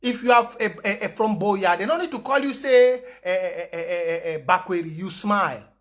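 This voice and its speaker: Impassioned Cameroonian man, high voice. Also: normal speed. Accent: Cameroonian Pidgin English. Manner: impassioned, emphatic repeated declarations; mixes pidgin and English with frequent fillers. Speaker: activist host of an online broadcast. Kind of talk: livestream address to followers.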